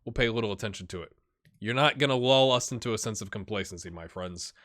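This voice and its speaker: Talking fast in a lowish, fairly bright voice, this gaming YouTuber rambles chattily while playing his football management game. It's casual let's-play commentary, with "my friends" used often for his viewers.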